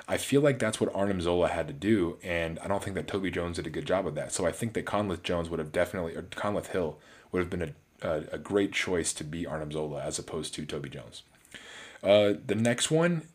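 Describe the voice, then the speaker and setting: Deep-voiced man rambling about movies. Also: slightly rough. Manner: rambling, frequent restarts and fillers. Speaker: film reviewer. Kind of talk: casual solo movie review.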